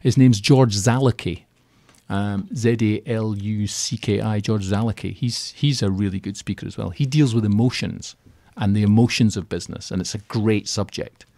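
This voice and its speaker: A man talking as a guest in a radio interview, chatty and animated, acting out little quotes as he goes. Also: fairly low pitch, moderate pace, no room sound. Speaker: radio guest, keynote speaker on property finance. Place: radio studio.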